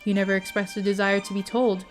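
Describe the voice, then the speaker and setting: A woman voicing a calm, stoic older male warrior tutor who talks in a slow, dry drawl. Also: mid-range voice, soft background music, lightly acted.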